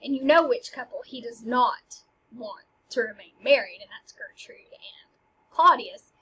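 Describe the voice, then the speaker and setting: A woman explains a play in a casual, animated way, moving between emphatic and hushed moments. Her voice is husky and a little high. The recording sounds dull and lo-fi. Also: a little slow.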